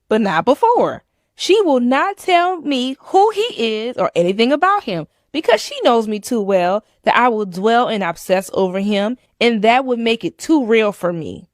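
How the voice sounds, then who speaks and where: A woman narrates a written story in a steady, measured read. Her pitch sits a bit high and moves a lot. The sound is close and dry. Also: no room sound.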